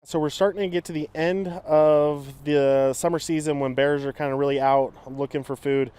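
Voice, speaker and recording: A man's voice: a little high, fairly even intonation, moderate pace, darkish tone, clean tone. A man working as a wildlife official, explaining things in an informative way with frequent "uh" fillers. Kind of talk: explanatory interview answers.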